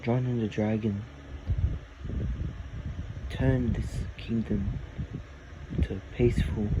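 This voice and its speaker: A man narrating a made-up fantasy story in a slow, halting, plain delivery. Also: on the low side, steady tone. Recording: loud air conditioning hum. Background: air conditioning.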